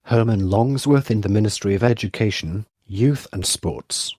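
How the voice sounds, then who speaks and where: A man giving a flat, formal scripted reading of names and government titles. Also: fairly low pitch, normal speed, slight background noise.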